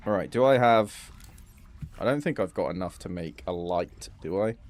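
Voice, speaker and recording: A man's voice: deep voice, animated, moderate pace. A man chatting, swearing and laughing as he streams himself playing a game. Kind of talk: live gameplay commentary.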